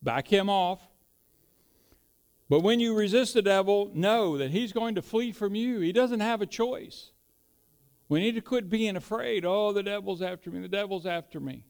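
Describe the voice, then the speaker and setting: High-voiced man preaching a folksy sermon. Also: a little mellow. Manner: folksy storytelling preacher, emphatic declarations. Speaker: pastor.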